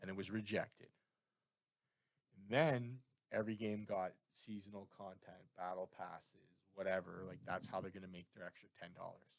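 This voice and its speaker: Man from Canada, low voice, rambling podcast talk, dry close sound. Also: moderate pace, gravelly, no room sound. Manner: rambling, animated, goes off on tangents. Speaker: podcast co-host. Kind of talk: casual chat.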